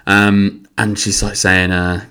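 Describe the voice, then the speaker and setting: A young man rambles through a solo podcast, swearing freely. His voice is low and deep, speaking into a close podcast mic. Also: flat delivery, slow, bright, forceful tone, clean tone. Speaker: podcast host. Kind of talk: casual solo podcast monologue. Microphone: podcast microphone.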